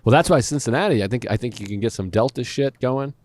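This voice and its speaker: A man in his forties, a comedian, bantering in a relaxed, casually profane way on an outdoor deck. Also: medium pitch, quick pace. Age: 40s. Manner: laid-back banter, swears casually. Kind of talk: casual chat while smoking cigars.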